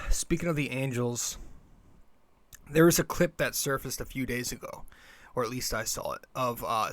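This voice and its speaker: A man's voice: mid-range voice, a bit bright, dry recording. A young man hosting his own podcast, rambling casually with lots of fillers and restarts. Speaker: podcast host. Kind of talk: casual solo podcast monologue.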